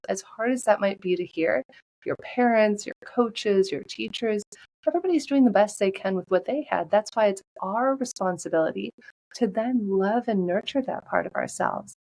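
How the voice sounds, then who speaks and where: A woman podcast guest and coach talking in an animated, upbeat, storytelling way in a casual interview. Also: medium pitch, poor audio.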